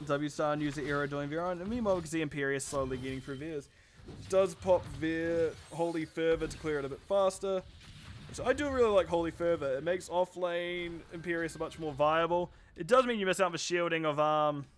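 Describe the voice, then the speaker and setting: A man calls a live esports match in a fairly high voice, narrating the action in a tired, rambling way and breaking off for self-aware asides. A faint hiss sits under the recording. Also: a little fast. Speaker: esports caster.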